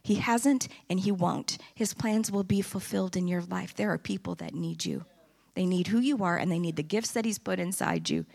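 A woman's voice: lowish voice, sing-song, normal speed, vocal fry, darkish tone. A woman giving an impassioned sermon testimony in a church, rising into emphatic preaching. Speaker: church speaker. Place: church sanctuary.

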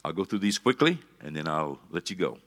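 Middle-aged man, pastor, sermon delivery: bright tone, preacherly, punches up to calls of amen. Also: low-pitched, very animated, brisk.

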